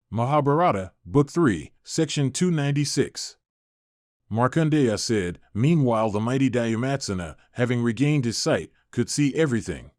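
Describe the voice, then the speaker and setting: A man's voice: medium pitch, no echo. Man reading an epic, dry and close. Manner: steady, even recitation with formal old-fashioned wording. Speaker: audiobook narrator. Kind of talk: measured scripted reading of an epic.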